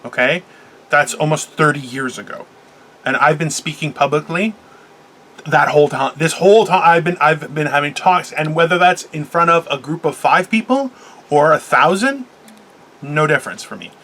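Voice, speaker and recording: Bright-voiced man lecturing as co-host. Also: on the high side, expressive, moderate pace. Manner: blunt, lecturing, talks over his co-host. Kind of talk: casual chat.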